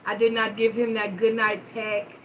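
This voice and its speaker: Blunt, bright-voiced woman. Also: a little high, moderate pace, a little hiss or hum, rough recording. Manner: blunt, profane, animated storytelling. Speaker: host. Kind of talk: casual live-stream chat.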